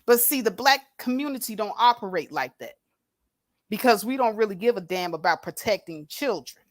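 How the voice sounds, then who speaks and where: Speaking into a plug-in microphone, a woman who hosts a livestream delivers unscripted commentary, bluntly confrontational and laced with profanity. She is an adult with a grown daughter, and her mid-range voice moves at a moderate pace with lively intonation. The recording is dry and clean, like a studio.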